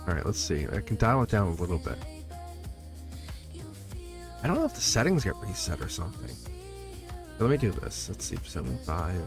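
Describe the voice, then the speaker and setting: Man, tarot live-stream host, casual and rambling, low voice, faint background music. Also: sing-song, normal speed, pauses often. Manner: chatty, rambling, laughs often, talks straight to viewers. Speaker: tarot reader and channel host. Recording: soft music playing behind. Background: quiet background music.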